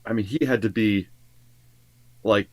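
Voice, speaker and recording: A man's voice: on the low side, fairly even intonation, measured pace, no room sound. A man co-hosting a live reaction stream as a songwriter, talking in a rambling way full of fillers and laughing often. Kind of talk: casual live stream chat.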